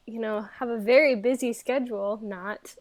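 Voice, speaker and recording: Giggly american woman on a podcast, kinda high pitched, playful. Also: fairly even intonation, moderate pace. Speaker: podcast guest. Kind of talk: casual podcast chat.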